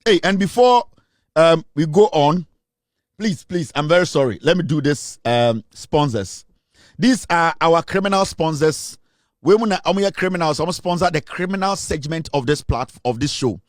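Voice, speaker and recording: A man's voice: a little high, lively intonation, moderate pace, no room sound, studio quality. A Ghanaian man hosting comic political commentary, mixing English with Twi and laughing often. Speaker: show host.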